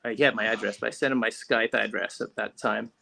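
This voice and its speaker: A man's voice: lowish voice, steady tone, quick pace, creaky, sharp tone, slight background noise. A man being interviewed on a podcast, telling a rambling story with lots of restarts and fillers. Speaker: podcast guest, fishing rod company founder.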